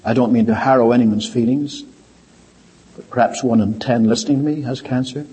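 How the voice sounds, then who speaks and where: An older man preaching a sermon, telling stories and swinging between quiet low asides and raised, emphatic points. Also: fairly even intonation, fairly quick. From Ireland. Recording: reverberant hall.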